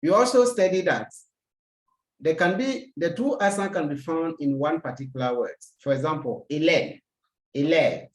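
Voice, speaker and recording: A French teacher giving a recorded language lesson, slow and deliberate, repeating each example word. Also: medium pitch, roomy sound.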